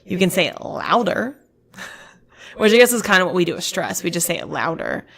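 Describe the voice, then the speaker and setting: Woman co-host, creaky low voice, casual and explanatory. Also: sing-song, moderate pace, fairly bright tone. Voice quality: vocal fry. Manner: chatty, explains language points like a teacher. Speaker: podcast co-host. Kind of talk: casual chat.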